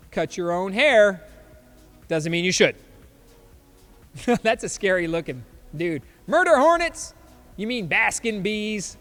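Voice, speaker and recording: A man in his fifties hosts a casual podcast. His voice sits high, and he keeps chuckling as he reacts to memes. A long reverb hangs on his voice, with faint music underneath. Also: a bit bright. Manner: chuckling, loose and joking. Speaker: podcast host.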